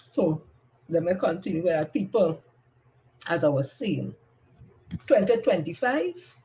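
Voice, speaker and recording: Trinidadian woman, fairly high voice, blunt and combative, live-stream commentary, repeats herself. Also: low-quality recording. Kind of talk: animated live-stream monologue.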